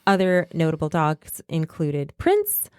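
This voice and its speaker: A woman hosting a podcast, reading a story to her co-host and chatting in an animated way. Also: deep voice, unhurried, clear, resonant tone, dry recording, clean studio sound. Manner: animated, laughs easily. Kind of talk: casual chat and reading history notes.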